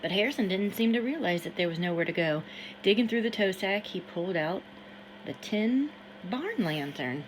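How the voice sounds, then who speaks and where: A woman narrating a novel in first person, steady and measured. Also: medium pitch, a little hiss or hum, low-quality recording. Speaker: audiobook reader.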